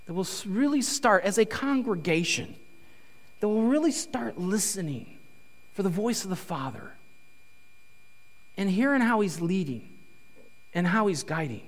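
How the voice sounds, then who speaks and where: High-voiced male pastor in a hall. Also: a little slow, pauses often. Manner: conversational, animated storytelling. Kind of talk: sermon. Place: church sanctuary. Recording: reverberant church hall.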